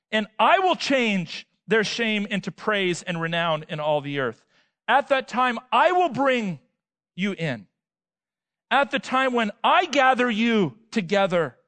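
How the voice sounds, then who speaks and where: A man preaching a sermon, emphatic, with rhetorical questions and swings between loud and soft. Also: sits high, dry recording. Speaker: pastor.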